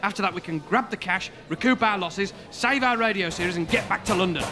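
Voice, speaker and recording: A man's voice: sits high, fairly quick, music in the background, natural voice. A man playing a flustered, bossy schemer in a radio comedy. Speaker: comedy troupe leader scheming. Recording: clear background noise.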